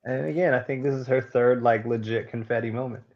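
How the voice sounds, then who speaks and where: A man with a gravelly, fry-heavy voice chats loosely on a podcast. He takes his time getting to a point. His voice comes through a dull, lo-fi mic. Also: mid-range voice, fairly quick. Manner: relaxed, laughing, roundabout. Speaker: podcast co-host. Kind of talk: casual chat.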